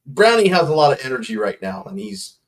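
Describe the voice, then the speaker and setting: Relaxed male host, mid-pitched, casual joking commentary. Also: fairly quick, a crowd in the background. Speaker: stream host. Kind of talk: casual chat.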